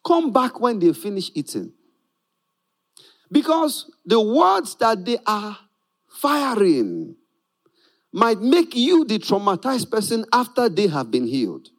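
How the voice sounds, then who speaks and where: A man preaching a sermon in an animated way, often laughing and acting out the people in his stories. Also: high voice, slow pace, long pauses.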